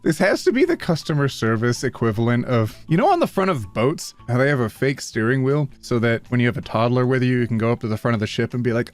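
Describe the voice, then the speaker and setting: A man's voice: mid-range voice, very animated, fairly quick, hardly any pauses, no echo. A man hosting a casual reaction video, laughing often and mocking what he reads in exaggerated voices. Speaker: host.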